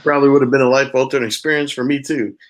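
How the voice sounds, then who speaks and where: A man hosting a podcast, asking a guest questions in a casual, halting way while checking his notes. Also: medium pitch, fairly even intonation. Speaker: podcast host. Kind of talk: casual interview.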